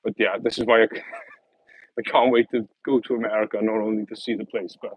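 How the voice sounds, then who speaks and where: A man's voice: fairly low pitch, level tone, a little fast, husky, no echo, poor audio. A young man with a Welsh accent, chatting casually to viewers on a live stream from outdoors, often laughing as he reads out and answers comments. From Wales. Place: outdoors on an early summer evening. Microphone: phone on mobile data.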